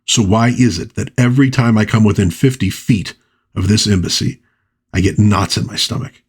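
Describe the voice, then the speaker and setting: Man reading brooding caped crime-fighter, uneasy, low voice, husky. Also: normal speed. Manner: steadying himself, read aloud from a comic.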